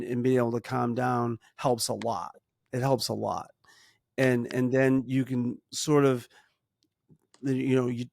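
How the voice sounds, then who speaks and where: A middle-aged man co-hosting a casual advice chat. He talks earnestly about parenting, often restarts his sentences and slows down to stress a point. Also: mid-range voice, vocal fry, darkish tone, dry recording, studio quality. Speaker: podcast co-host, parent.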